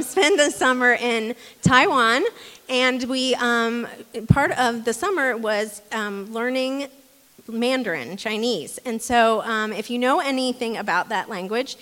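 A woman with a slightly high voice speaks to her congregation in a relaxed, conversational way, filling her sentences with ums and restarting her phrases. Her words carry a long reverb through the church hall. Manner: chatty, with many ums and restarts. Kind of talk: casual conversational sermon.

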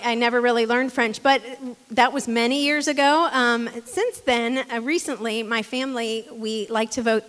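A woman with a slightly high voice speaks to her congregation in a relaxed, conversational way, filling her sentences with ums and restarting her phrases. Her words carry a long reverb through the church hall. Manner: chatty, with many ums and restarts. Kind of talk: casual conversational sermon.

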